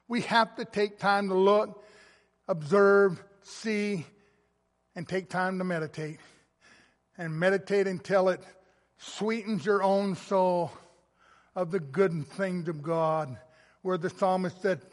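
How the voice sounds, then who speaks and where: A man preaching a sermon as a pastor, slow and emphatic, swelling loud and then dropping soft. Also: high voice, fairly even intonation, in a large hall.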